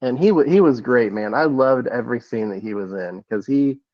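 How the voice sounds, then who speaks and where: A man's voice: medium pitch, lively intonation, moderate pace, no room sound, dull audio. A man co-hosting a casual movie-review podcast, laid-back and enthusiastic, dropping "dude" and "man" as he talks. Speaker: podcast co-host.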